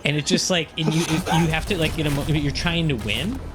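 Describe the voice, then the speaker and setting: A man co-hosting a casual gaming podcast stream, telling ideas in a rambling, animated way. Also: fairly high pitch, normal speed, heavy background noise. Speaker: podcast co-host.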